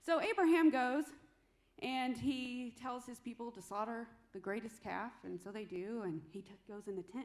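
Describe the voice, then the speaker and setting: A woman's voice: fairly high pitch, normal speed, darkish tone. A woman preaching a sermon in a conversational, humorous storytelling way.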